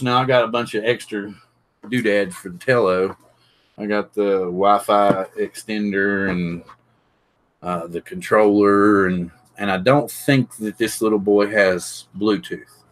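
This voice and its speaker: A man's voice: lowish voice, a bit bright, rough recording. A middle-aged man, hosting a live stream and thinking aloud as he unboxes, chatting with and greeting viewers. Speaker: drone channel host.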